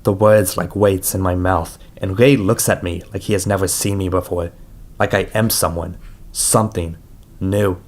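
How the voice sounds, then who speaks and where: A man reading a first-person audiobook in a measured, somber way. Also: low-pitched, steady tone, a little mellow. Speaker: audiobook reader.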